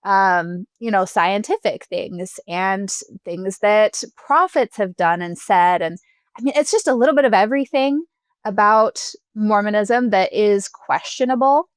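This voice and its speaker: A woman's voice: mid-range voice, measured pace, smooth, dry recording. A young woman guest in a casual interview, chatty, laughing often and filling her talk with "like" and "you know.". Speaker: podcast guest.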